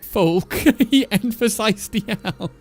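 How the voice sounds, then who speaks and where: A man's voice: high voice, animated, slow pace. A man streaming a game, making casual commentary, laughing and joking as he reads along. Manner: chuckling, joking, reading aloud. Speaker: gaming streamer. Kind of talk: casual let's-play commentary.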